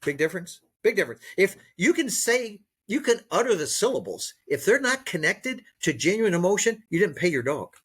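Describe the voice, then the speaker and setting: A man's voice: high-pitched, very animated, moderate pace, hardly any pauses, fairly bright tone, husky. A man, a dog trainer and author, speaking as a guest in a podcast interview, stressing and repeating key words like a coach. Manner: coaching, teacherly.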